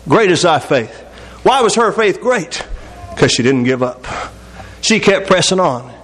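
Preacher, male, high voice, homespun delivery that asks the listeners a lot of questions, booming church-hall echo. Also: very animated, unhurried, a bit bright. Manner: folksy, conversational, many rhetorical questions. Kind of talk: sermon. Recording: long reverb of a large hall.

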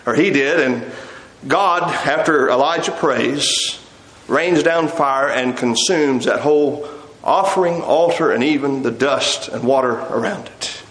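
A man's voice: a little high, fairly bright tone. A man preaching a sermon, telling the story with animation and acting out the quotes. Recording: echoey room.

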